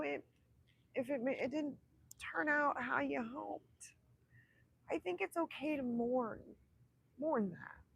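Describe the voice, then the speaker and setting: A woman's voice: high-pitched, vocal fry, slight background noise, poor audio. A woman in her thirties hosting a casual livestream chat with viewers, heartfelt and emotional, often dropping to a whisper. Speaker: livestream host.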